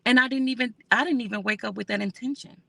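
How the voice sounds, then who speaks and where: A woman, hosting a casual livestream and answering viewer comments in a soft, conversational way. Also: fairly high pitch, fast talker, gravelly, no echo. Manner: reads out comments and answers them warmly, with fillers. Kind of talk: casual emotional livestream chat.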